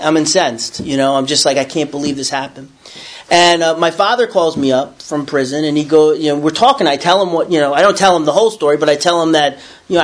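A middle-aged man recounts a personal story in casual, unpolished speech. He rambles, stumbles and corrects himself as he goes. His voice sits a little higher than most men's. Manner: rambling, with many restarts and self-corrections. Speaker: storyteller sharing a recovery story.

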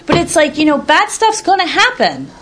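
A woman's voice: extremely high pitch, huge pitch swings, normal speed, a bit bright. A woman sharing a candid personal testimony in a blunt, rambling way, casually swearing and telling her story with animation.

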